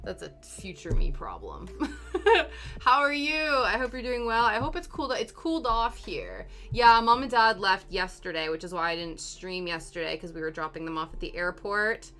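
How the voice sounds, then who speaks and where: Bright-voiced chatty woman livestreaming. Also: medium pitch, very animated, moderate pace. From Canada. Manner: chatty, rambling, with frequent ums and laughs. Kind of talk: casual chat while doing nails. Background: soft background music.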